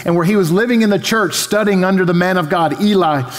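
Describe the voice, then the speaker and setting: High-voiced preacher in a big reverberant hall. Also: male voice, quick pace. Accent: Texan. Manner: storytelling, acting out the voices in the story. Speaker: pastor. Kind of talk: sermon. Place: large church hall. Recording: reverberant hall with faint music.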